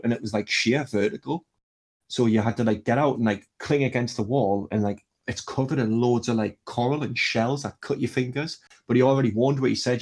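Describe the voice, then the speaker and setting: A man's voice: medium pitch, quick pace, a little mellow, husky. A young man, telling a rambling story in casual chat and swearing freely.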